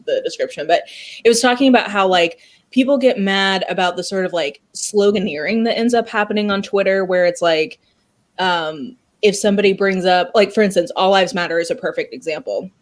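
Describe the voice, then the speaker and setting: A woman on a video call, animated and critical as she works through her points aloud in a book club discussion. Her voice sits at a middle pitch. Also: a little fast.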